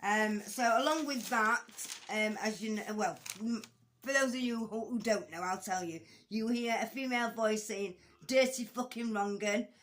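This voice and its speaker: A woman's voice: a little high, normal speed, a bit bright, slight background noise. A woman commenting casually on a court case, with frequent ums, restarts and blunt, conversational swearing. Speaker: true-crime commentator.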